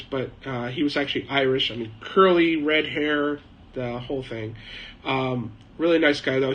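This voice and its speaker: A middle-aged man, living in China and hosting a live chat from his home shed, tells a meandering anecdote peppered with "uh" and "um." His medium-pitched voice is fairly bright, and the poor audio carries a little hiss or hum.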